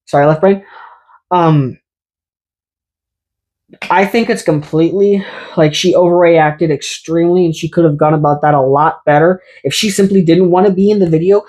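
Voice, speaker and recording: A man's voice: fairly high pitch, fairly even intonation, normal speed, pauses often, a little mellow. A man, a fitness YouTuber, delivering a ranting vlog monologue to camera in an exasperated, sarcastic way, with self-aware asides.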